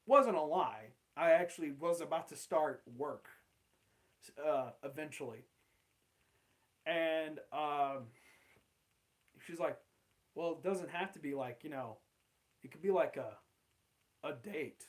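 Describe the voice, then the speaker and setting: A young man rambles through an awkward personal story in a casual, unscripted way. His voice sits a little higher than most men's. He swears freely and fills his talk with "like" and "um". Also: animated, unhurried, long pauses. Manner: rambling, swearing, with laughs and many fillers. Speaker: channel host.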